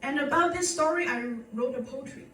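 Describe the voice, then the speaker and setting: A woman from China performing stand-up comedy in halting English, delivered deadpan. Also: high-pitched. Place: comedy club stage. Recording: echoey room from far off, crowd laughter. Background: audience laughing.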